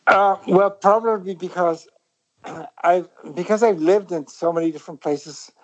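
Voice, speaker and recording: A middle-aged man from Britain speaks as an interview guest. He thinks aloud in a reflective, rambling way and often stops to restart his sentences. His talk is casual and unhurried. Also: high voice, low-quality recording. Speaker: guest musician.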